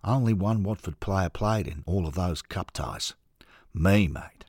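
A man puts on a glum Australian former footballer in an audio drama, low and husky, halting over his words. His tone swings widely in pitch even when downbeat, and the sound is close and dry. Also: no echo, heavily acted. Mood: downcast. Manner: halting, hesitant, subdued.

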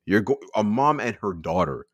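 A man's voice: lowish voice, animated, normal speed, breathy edge, no echo. A Canadian man guesting on a podcast, talking candidly and emphatically, swearing freely. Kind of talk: casual chat.

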